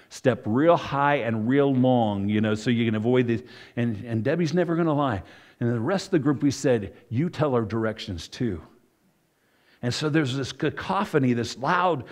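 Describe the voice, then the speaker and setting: A middle-aged man, a pastor, giving a conversational sermon full of asides and self-corrections. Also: a little high.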